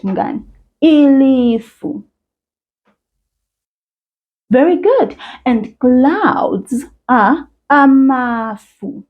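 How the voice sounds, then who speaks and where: A woman teaching a children's language lesson, encouraging and sing-song, speaking slowly and clearly. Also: sits high, narrow, tinny audio. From South Africa.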